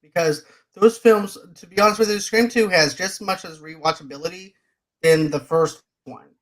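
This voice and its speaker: A man hosting a movie podcast, chatting casually and emphatically with drawn-out asides. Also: high voice, fairly bright tone. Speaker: podcast host.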